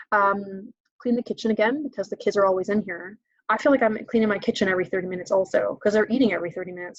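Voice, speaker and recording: A woman in her thirties talks through a casual webinar, chatty and self-mocking, then turning gently reassuring. Her voice sits at a middling pitch, and the audio is a little muffled and lo-fi. It is recorded dry and close, with no room sound. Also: no echo. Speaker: webinar host. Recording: dull lo-fi home webinar audio.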